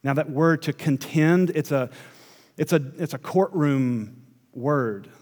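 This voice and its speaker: A pastor preaching a sermon, his fairly high voice dropping to hushed asides and then climbing into emphatic runs. The sound carries the long reverb of a large hall. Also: slow.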